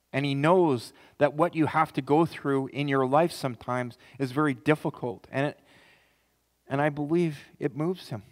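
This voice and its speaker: A man preaching as pastor, reading scripture aloud and then building to an impassioned close. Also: on the high side. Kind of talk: sermon. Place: church sanctuary. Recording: reverberant church hall.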